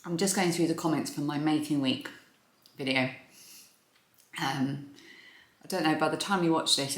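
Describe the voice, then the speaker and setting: A British woman chatting casually in a crafting vlog at home, rambling and hesitant with many fillers and restarts. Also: sits low. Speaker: crafting YouTuber. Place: home, indoors. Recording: echoey room.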